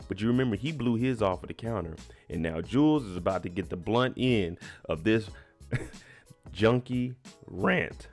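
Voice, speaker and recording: A man's voice: fairly low pitch, animated, normal speed, faint music behind. A man casually recapping a TV episode, retelling it emphatically with slang. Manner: chatty, emphatic retelling with slang and little laughs. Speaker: TV recap host.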